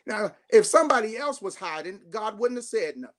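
A bishop preaches with a high voice and a Southern Black way of speaking. He builds phrases up to near shouts, then sinks into soft, slow repeats so his listeners answer him. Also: expressive. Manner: call-and-response preaching, rising to shouts then dropping to hushed tones. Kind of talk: sermon.

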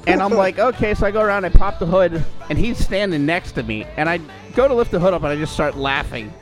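A man's voice: high-pitched, expressive, quick pace, faint music behind. A man co-hosting a podcast, telling a long profane story in casual chat and putting on quoted voices. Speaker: podcast co-host.

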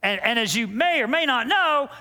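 Animated bright-voiced preacher in a reverberant hall. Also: male voice, very high voice. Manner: animated storytelling, acts out quotes, quick restarts. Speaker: pastor. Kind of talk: sermon. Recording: long reverb of a large hall.

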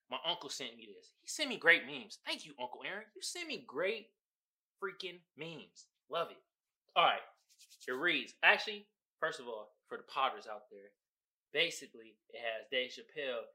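A young man hosting a podcast, casually retelling a TV show and memes, animated, swearing freely and acting out quotes. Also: fairly high pitch. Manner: animated storytelling, swears a lot, acts out quotes. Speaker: podcast host. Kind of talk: casual chat.

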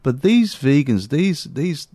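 A man's voice: on the high side, big pitch swings, slow pace, warm tone, no room sound. A man co-hosting a podcast, giving his opinions in an emphatic, casual way. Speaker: podcast co-host.

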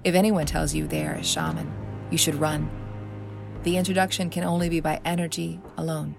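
Casting: woman voicing a cold, commanding female vampire for an audio story, low, gravelly edge. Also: level tone, music in the background. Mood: cool, imperious. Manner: cool, unhurried, imperious. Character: proud icy female vampire healer, young-looking.

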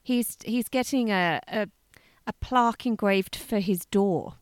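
A woman's voice: medium pitch, measured pace, dry recording, clean studio sound. A woman co-hosting a casual chat, giggly and playful, laughing often. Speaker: podcast co-host.

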